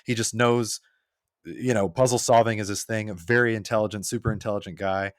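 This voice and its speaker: A man's voice: on the low side, brisk, dry recording, clean studio sound. A man guesting on a podcast, chatting casually and acting out quoted lines as he tells stories. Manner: animated storyteller who acts out quotes.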